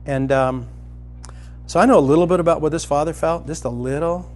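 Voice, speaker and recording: A middle-aged man preaching a sermon as a pastor, telling a personal story and climbing to loud, excited emphasis. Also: on the high side, fairly quick.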